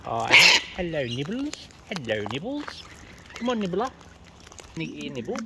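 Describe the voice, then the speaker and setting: A woman's voice: lowish voice, very animated, measured pace, heavy background noise. A woman talking playfully to wild birds outdoors while she feeds them, coaxing and teasing them. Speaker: bird feeder, channel host. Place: outdoors in a yard among feeding birds. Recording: loud squawking birds behind.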